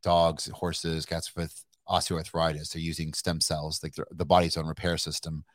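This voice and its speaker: A middle-aged man from Kentucky tells his story with rough, animated energy, swearing freely and laughing between restarts. His voice sits very low, and the sound is dry and close. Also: moderate pace, no echo. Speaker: guest entrepreneur. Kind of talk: casual storytelling interview.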